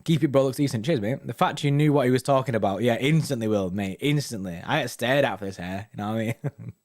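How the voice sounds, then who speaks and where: A man's voice: medium pitch, fast, darkish tone. Slangy young man rambling casually. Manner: slangy and rambling, repeating "innit" and "you know what I mean". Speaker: host of a football fan live stream. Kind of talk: casual live-stream chat, reading viewer comments.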